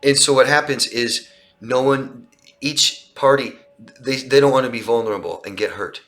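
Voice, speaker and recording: A man with a mid-range, fairly bright voice speaks at a normal pace. He's a relationship coach fielding viewer questions in a live Q&A outdoors beside a street. He comes across earnest and explanatory, often repeating and restarting phrases.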